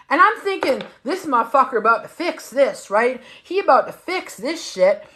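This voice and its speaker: A woman's voice: high voice, very animated, moderate pace, few pauses, bright, forceful tone. A middle-aged woman hosting a livestream, telling a story in a casual, emphatic way full of profanity. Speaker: livestream host.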